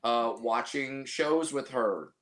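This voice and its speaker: A man's voice: medium pitch, slow pace, a bit bright. A man hosting a podcast in casual chat, rambling and self-deprecating, restarting his sentences and swearing. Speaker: podcast host.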